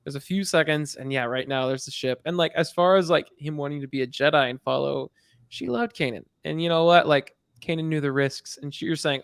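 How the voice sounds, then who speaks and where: A man's voice: a little high, brisk, gravelly, clean tone, dry recording. Man, podcast co-host, casual chat, teasing, rambling, dry close recording.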